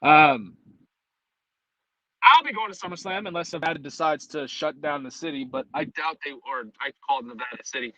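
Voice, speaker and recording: A man's voice: fairly high pitch, normal speed, bright, forceful tone, dry recording, poor audio. A man with a New York accent hosting a casual live stream, rambling and swearing as he jumps between topics. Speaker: streamer host.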